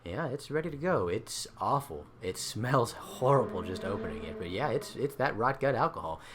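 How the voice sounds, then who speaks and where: Guy running a d&d table, super lively up-and-down voice, playful, faint hiss behind. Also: medium pitch, normal speed. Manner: playful, animated narration with laughs. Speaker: dungeon master. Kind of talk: narrating a tabletop game.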